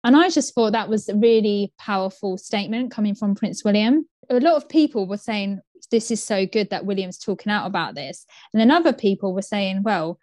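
A British woman with a regional accent, co-hosting a podcast in an easygoing, conversational way and laughing often. Her pitch sits in a medium range, and the close microphone gives a dry sound with no room around it. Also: a little fast, few pauses, dry recording. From Britain. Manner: relaxed, laughs often, chatty. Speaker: podcast co-host. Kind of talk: casual chat.

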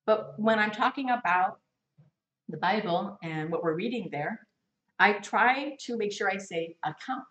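A woman teaching a women's Bible study class to a live group, lively and chatty, laughing often and acting out quotes. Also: on the low side, distant mic. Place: meeting room with a live class. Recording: echoey room, voice from afar.

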